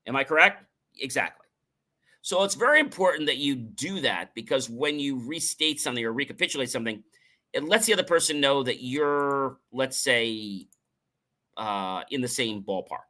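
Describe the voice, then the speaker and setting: Emphatic bright-voiced male motivational host. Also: animated, moderate pace. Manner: emphatic, varies stress and tone to demonstrate meaning; salesy, upbeat sign-off pitch. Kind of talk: motivational talk.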